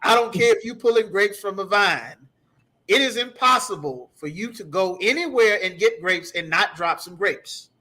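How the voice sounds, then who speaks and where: A man's voice: sits high, lively intonation, moderate pace, bright, forceful tone. A man teaching a scripture class, ranting in an emphatic, profane, repetitive way. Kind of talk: heated scripture breakdown.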